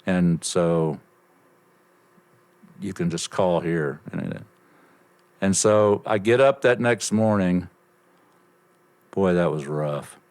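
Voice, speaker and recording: An older man telling a lively story as a podcast guest, swearing freely and acting out bits of conversation. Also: low-pitched, takes it slowly, pauses often. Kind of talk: casual storytelling.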